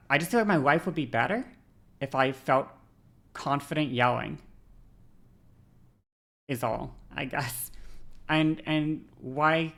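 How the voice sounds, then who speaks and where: A woman's voice: rumbling low, vocal fry. A woman streamer chatting casually, going off on a long tangent and checking in with "okay?" and "you know?" often. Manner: tangent-prone, frequent fillers and check-ins. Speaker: game streamer. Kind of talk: rambling casual stream chat.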